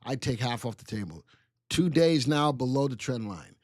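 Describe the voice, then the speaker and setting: A man hosting a live stock market stream, bantering with chat and spelling out ticker symbols in an excitable, teasing way. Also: medium pitch, moderate pace, no echo, studio quality.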